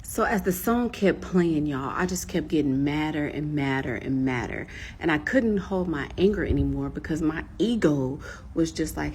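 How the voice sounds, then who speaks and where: A woman telling a personal story to camera in a casual storytime, animated and laughing, acting out quotes. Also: normal speed, slight background noise. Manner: animated, laughing, acts out quotes with big pitch jumps. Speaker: storyteller vlogger.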